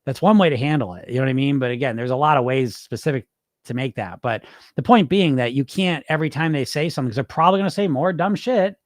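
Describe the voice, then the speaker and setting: A man's voice: mid-range voice, animated, quick pace, no echo, clean studio sound. A middle-aged man hosting a weight-loss podcast, talking casually and bluntly, swearing freely as he coaches listeners and mimics panicked dieters. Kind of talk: casual live-stream coaching talk.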